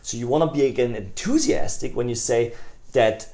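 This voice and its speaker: Man teaching sales tonalities, swinging loud and soft. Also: mid-range voice, very animated, a little fast. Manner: demonstrates tonalities, swings between loud enthusiasm and soft hushed lines; conversational, many fillers and restarts. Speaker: sales trainer. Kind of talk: recorded online sales lesson.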